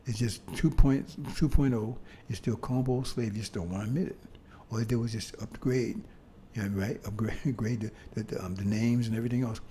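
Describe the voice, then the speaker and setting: A man preaching a sermon to brothers and sisters, talking in a loose, conversational way and often asking "see?" with halting restarts and bursts of emphasis. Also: medium pitch, fairly even intonation, warm tone, a little hiss or hum. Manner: conversational, repeats "see?" to the congregation.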